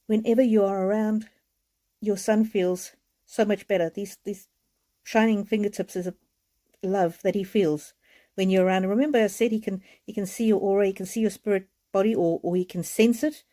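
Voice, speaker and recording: Female card reader on a live stream; mellow, heartfelt, slightly tearful delivery. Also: mid-range voice, fairly even intonation, moderate pace. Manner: gentle, repetitive, heartfelt.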